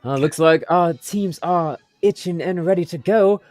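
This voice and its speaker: A brash fantasy arena announcer, put on by a man, booming with showy play-by-play patter. The voice is pushed up high and bright, and the sound is dry and close. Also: a little slow, no room sound. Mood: hyped.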